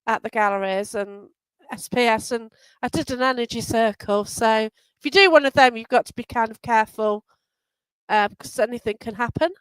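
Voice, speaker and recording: A woman's voice: fairly high pitch, moderate pace, clear, resonant tone, no room sound, rough recording. A woman hosting a casual live chat, a medium who talks in a rambling way with many fillers over a video call. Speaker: host and medium.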